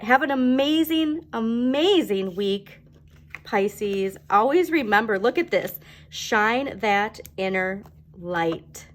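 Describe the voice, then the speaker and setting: A woman doing a casual tarot reading to camera, bubbly and chatty, with many fillers and quick laughs. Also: fairly high pitch. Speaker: tarot reader.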